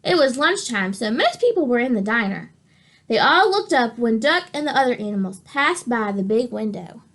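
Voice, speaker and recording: A woman reading a children's picture book aloud, with expressive, animated storytelling. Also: fairly high pitch, normal speed. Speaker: storybook reader.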